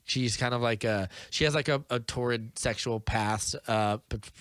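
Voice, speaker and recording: A man's voice: mid-range voice, moderate pace, a bit bright, smooth, no room sound. A man co-hosting a podcast, recapping a movie in casual, rambling chat full of fillers. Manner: rambling, filler-heavy storytelling. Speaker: podcast co-host.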